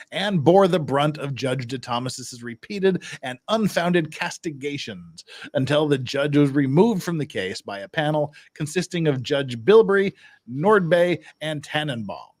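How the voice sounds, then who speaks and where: A man's voice: a little high, lively intonation, unhurried, dry recording. A man co-hosting a casual legal talk show, reading court filings aloud and adding dry, jokey asides. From Utah. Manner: dry, jokey asides between read passages. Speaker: podcast co-host.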